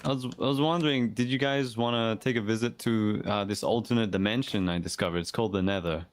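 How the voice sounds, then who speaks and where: Relaxed male player, low pitch, easygoing delivery. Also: fast, no echo. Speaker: role-play player. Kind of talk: casual game chat.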